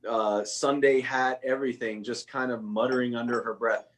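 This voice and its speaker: A man as guest on a casual video-call chat, joking deadpan and rambling. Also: medium pitch, normal speed.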